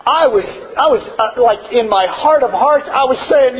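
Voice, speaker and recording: A man's voice: extremely high pitch, expressive, normal speed, few pauses, highs cut off, some chatter behind. A middle-aged man answering a parenting question, telling stories and laughing often as he talks. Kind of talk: casual parenting advice talk.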